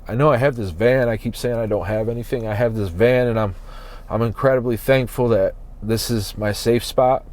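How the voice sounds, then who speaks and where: A man hosting a solo podcast from inside his parked van, talking slowly and earnestly as he searches his soul. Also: mid-range voice, a little mellow. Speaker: podcast host.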